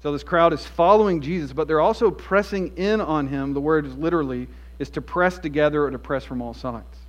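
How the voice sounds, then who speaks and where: A male pastor preaching an expository sermon in a church, earnest and story-driven, moving between emphatic and hushed delivery. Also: a little high, a little fast. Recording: dull lo-fi sound.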